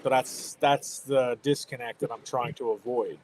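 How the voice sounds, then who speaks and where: A man's voice: mid-range voice, steady tone, normal speed, a little hiss or hum, low-quality recording. A man in his thirties hosting a stream, chatting casually about parenting and laughing often. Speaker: livestream host. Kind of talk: casual chat.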